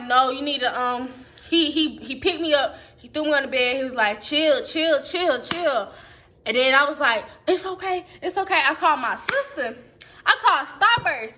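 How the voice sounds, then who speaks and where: A woman speaks to her camera in a high, bright voice, telling a personal story. Her delivery is animated and profane, and she quotes other people as she tells it. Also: moderate pace. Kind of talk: casual storytime vlog. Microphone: phone or webcam.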